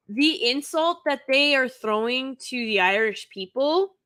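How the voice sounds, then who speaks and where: Slow, bright-voiced indignant woman reviewer. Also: high voice, lively intonation. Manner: indignant, emphatic, with sighs and restarts. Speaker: live-stream reviewer. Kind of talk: unscripted live review commentary.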